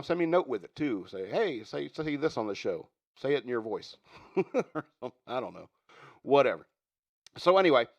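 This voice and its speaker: A man hosting a podcast, ranting bluntly and with profanity, a slight sore throat in his voice. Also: medium pitch. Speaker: podcast host.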